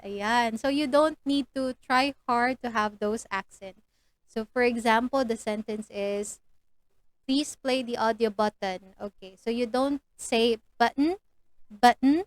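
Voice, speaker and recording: A woman's voice: on the high side, dry recording, rough recording. Chatty Filipino woman, dry close sound. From Philippines. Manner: switches between English and Tagalog, playful and chatty, acts out lesson lines. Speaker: online English tutor. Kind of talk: casual tutorial vlog.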